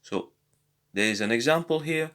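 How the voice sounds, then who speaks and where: A man's voice: medium pitch, lively intonation, normal speed, a bit bright, clear, resonant tone. Hesitant man teaching a language lesson. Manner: hesitant, many fillers and restarts. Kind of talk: casual spoken lesson.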